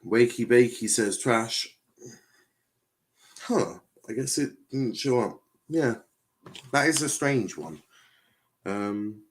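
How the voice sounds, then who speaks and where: A man's voice: mid-range voice, lively intonation, slow pace, long pauses. A young man streaming a football watchalong, chatting casually, reading viewer comments aloud and repeating himself with lots of fillers. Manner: rambling, repeats phrases, many fillers.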